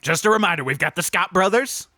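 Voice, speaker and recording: A man's voice: high voice, expressive, fast talker, bright, forceful tone, no room sound, faint music behind. A male radio co-host trading wisecracks in playful comic banter, live from a car dealership.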